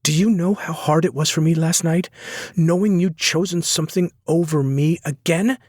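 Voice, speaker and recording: A man's voice: mid-range voice, animated, normal speed, a little mellow, husky, no echo, studio quality, pitched above the performer's own voice. A man voicing Sloane, a hurt young woman. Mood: bitter. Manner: impassioned, pleading, near tears. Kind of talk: audiobook character voice.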